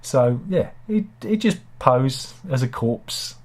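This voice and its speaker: A man's voice: mid-range voice, animated, takes it slowly, a little mellow. A man with a British accent hosting a casual satirical news chat, rambling and self-deprecating with asides. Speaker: host.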